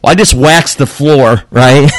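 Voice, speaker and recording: A middle-aged father on a casual podcast, telling stories animatedly, swearing and loudly acting out what people said. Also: on the high side, slow pace. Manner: animated, swearing storyteller who acts out quotes loudly. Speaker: guest father. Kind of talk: casual storytelling chat.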